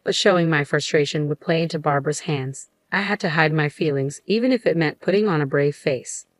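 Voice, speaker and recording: A woman with a low voice narrates a dramatic first-person story in a measured, even manner. The sound is dry and close to the mic. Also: no echo.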